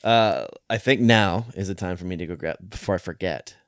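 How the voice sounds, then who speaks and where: A man hosting a podcast, relaxed and agreeable, often answering with "yeah" and "fair enough". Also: deep voice, a little fast, clear, resonant tone, dry recording, clean studio sound. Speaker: podcast host. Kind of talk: casual interview chat.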